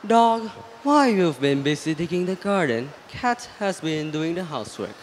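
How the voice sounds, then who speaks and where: A young man playing a smooth-talking male stranger who sells things, in a school readers' theatre. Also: fairly high pitch, big pitch swings, normal speed, in a large hall, noisy background. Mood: coaxing. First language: Thai.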